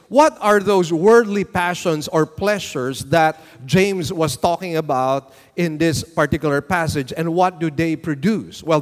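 A man with a high voice preaches slowly and deliberately, drawing out his words. His sermon rings with the long reverb of a hall. He stops to ask his listeners to answer and to read along with him. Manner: slow, deliberate preaching with questions to the congregation. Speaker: pastor.

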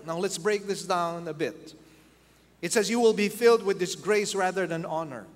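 A man's voice: high voice, normal speed. A man preaching a sermon as pastor, acting out quoted voices and repeating key phrases for emphasis. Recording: long hall reverb.

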